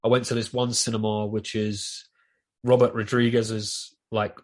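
A man's voice: fairly low pitch, little pitch movement, a little slow. Sweary South East London man chatting. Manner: swears a lot, loose and rambling. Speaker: podcast guest. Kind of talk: casual chat.

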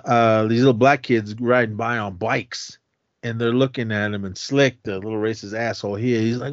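A man in a mid-range voice recaps a movie in a casual, animated way. He often slips into the characters' lines as he goes. The sound is dry and a little dull, with no room around it. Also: mid-range voice, normal speed, no room sound. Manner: animated retelling, jumps into quoted voices. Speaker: podcast co-host.

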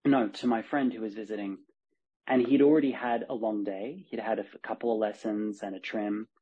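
Animated man telling stories, husky voice. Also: fairly low pitch, fairly quick. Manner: animated storyteller, acts out dialogue. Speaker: horsemanship coach, guest. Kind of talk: podcast conversation. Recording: dull lo-fi podcast sound.

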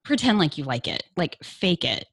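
A woman's voice: lowish voice, sing-song, normal speed, vocal fry, husky. A middle-aged woman from Kentucky with a Southern accent, chatting candidly and playfully as a podcast guest, often laughing. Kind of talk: frank casual chat.

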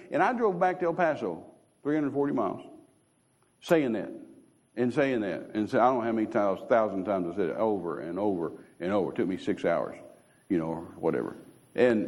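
A middle-aged man, preaching a sermon as a story and acting out the voices he quotes. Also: a little mellow. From Texas. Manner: storytelling, acts out quoted voices with rising pitch. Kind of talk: sermon testimony.

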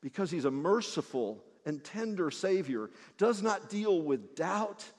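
Male pastor, high and very lively voice, sermon with long hall reverb. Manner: animated preaching, swinging between loud emphasis and hushed lines.

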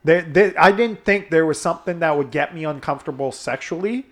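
A man's voice: on the high side, a little fast, fairly bright tone. A man hosting a podcast, telling a crude story in casual chat, laughing often and swearing freely. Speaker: podcast host.

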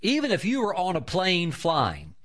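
A male pastor preaching a lively sermon, telling anecdotes and breaking into exuberant shouts of hallelujah and praise. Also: sits high, moderate pace.

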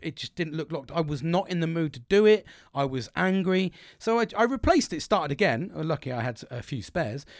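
A man's voice: medium pitch, no echo, studio quality. A man talking candidly as a livestream host, rambling, swearing heavily and laughing often as he gives motivational chat.

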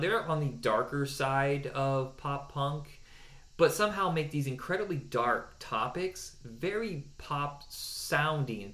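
Opinionated man in an echoey room. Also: medium pitch. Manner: animated, opinionated, with mocking put-on voices. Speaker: podcast co-host. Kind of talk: casual chat counting down songs.

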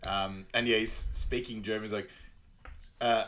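A man's voice: lowish voice, fairly even intonation, normal speed, fairly bright tone. A man co-hosting a casual podcast, recapping a movie and often laughing as he acts out lines. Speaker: podcast co-host.

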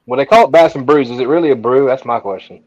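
A man chatting on a podcast, loud, joking and teasing. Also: mid-range voice, quick pace, lo-fi sound. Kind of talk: casual podcast chat.

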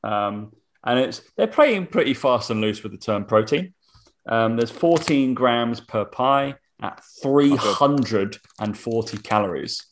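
A man's voice: medium pitch, expressive, slow, slight background noise. A young man in a casual chat who laughs often and reads out product labels. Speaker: co-host.

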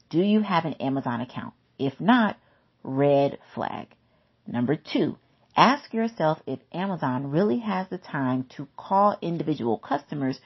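A woman's voice: deep voice, husky, dull audio. A woman giving an instructional talk about scams, emphatic and chatty, repeating key points. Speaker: consumer safety educator.

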